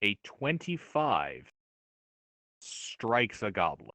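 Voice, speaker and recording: A man with a low-pitched voice running an online tabletop game as dungeon master. He talks casually and laughs easily. His voice sounds close and dry. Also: big pitch swings, very slow, bright, forceful tone, no room sound.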